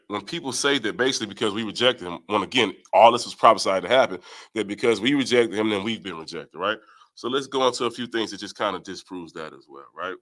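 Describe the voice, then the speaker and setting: A man's voice: lowish voice, fairly bright tone. A man leading a Bible study, reading verses aloud and explaining them, often asking "right?". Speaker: Bible teacher. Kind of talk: scripture study talk.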